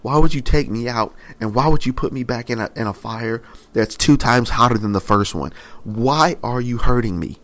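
A man's voice: mid-range voice, normal speed, close to an everyday voice. A young man in his twenties voicing a talking clay cup that pleads with its maker, asking the same anguished questions over and over. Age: 20s.

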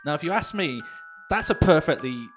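A man's voice: on the high side, expressive, moderate pace, a bit bright. Man, podcast co-host, sweary banter, reads news aloud, faint music. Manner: sweary, jokey, laughs often. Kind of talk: casual chat reading a news story aloud.

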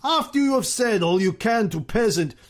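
A man reading out a blunt, older Soviet strongman in a put-on voice, higher than his own, with a halting foreign cadence. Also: lively intonation.

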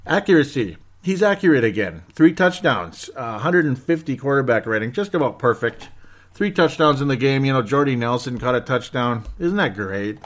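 A man's voice: medium pitch, expressive, normal speed. A man hosting a sports show alone, talking casually, sarcastic and rambling, with mock outbursts. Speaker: sports podcast host. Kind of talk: casual solo sports commentary.

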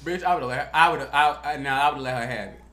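A young man co-hosting a podcast, chatting casually and telling profane, animated stories. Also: mid-range voice, fast talker, reverberant. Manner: animated storytelling, profane and playful. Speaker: podcast co-host.

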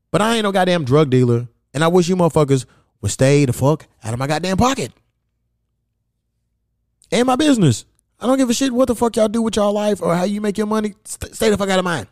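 A man's voice: high voice, darkish tone, dry recording, studio quality. Blunt, profane man hosting a podcast. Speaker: podcast host. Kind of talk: casual chat.

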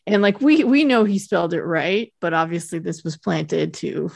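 A woman co-hosting a podcast, narrating a TV episode's plot step by step in a relaxed way. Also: on the low side, normal speed, vocal fry. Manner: steady, detailed plot narration. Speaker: podcast co-host. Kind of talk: casual recap chat.

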